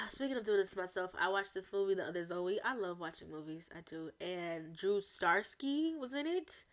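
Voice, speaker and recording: A young woman hosting a solo podcast, talking in a chatty, rambling way with animated asides. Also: mid-range voice, moderate pace, few pauses. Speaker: podcast host. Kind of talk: casual solo chat.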